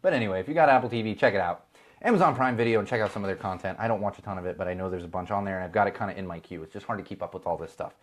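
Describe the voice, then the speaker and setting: A Chicago man in his thirties hosts a podcast in the style of a casual live-stream chat, his deep voice coming out rapid-fire. He rants, tosses in sarcastic asides, and does impressions of other people.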